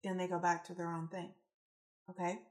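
A woman giving a casual spiritual-coaching talk, animated and rambling, acting out the quotes in her stories. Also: on the low side, fairly quick, heavy background noise.

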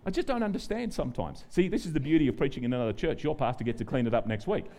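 A middle-aged Australian man preaching as a guest pastor, animated and joking, acting out the prayers and quotes he tells. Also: mid-range voice, rapid-fire, a little hiss or hum. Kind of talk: sermon.

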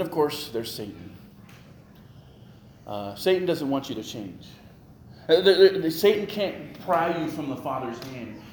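Male pastor, mid-pitched, animated sermon delivery with repetition; echoey sanctuary recording with faint background noise. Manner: animated preaching with rising emphasis and repetition.

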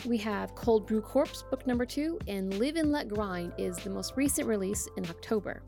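A woman's voice: mid-range voice, animated, moderate pace, creaky, mellow, faint music behind. A woman hosting a podcast, bubbly and eager, reading a novel aloud. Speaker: podcast host and reader.

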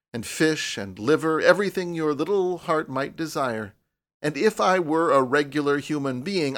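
A man doing a proud young artist with a self-important, lecturing way of talking, his words pitched a little higher than the narration around them, the way he sounds on a storybook recording. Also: a bit bright. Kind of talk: audiobook character reading.

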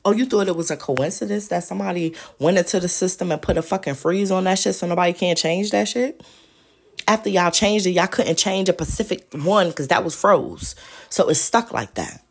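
A woman's voice: fairly low pitch, a little fast, breathy edge. A woman hosting a podcast alone, ranting in a heated, profane delivery. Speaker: podcast host. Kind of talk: solo podcast rant.

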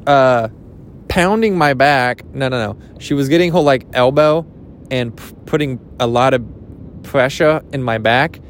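A young man rambling jokily in a casual vlog, swearing now and then, his pitch jumping up when he gets excited. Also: a little hiss or hum. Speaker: vlogger. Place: outdoors at a beach.

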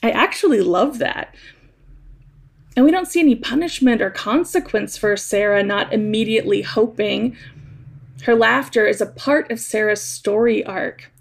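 A woman giving a gentle, thoughtful, conversational reflection on scripture, like a spoken essay. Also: a little high, normal speed, creaky.

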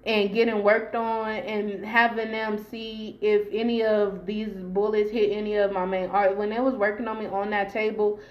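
A woman telling a personal story casually on her podcast, blunt and profane, acting out the dialogue in raised voices. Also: medium pitch. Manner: blunt and profane, lots of restarts. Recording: dull lo-fi podcast audio.

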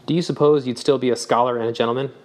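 A man's voice: medium pitch, fairly even intonation, very fast, close to an everyday voice. Wry older guy, talks like he's lecturing kindly, man reading him. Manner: thoughtful, lecturing.

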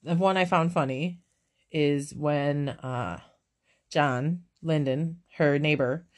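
A woman with a low-pitched, slow voice co-hosts a casual movie chat. She swears freely, laughs often, and animatedly recounts her favorite scenes.

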